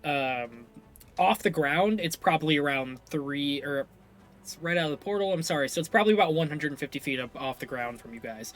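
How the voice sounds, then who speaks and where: Higher-voiced man running a tabletop game. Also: expressive, a little fast, a bit bright. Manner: rambling, self-correcting. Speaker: game master.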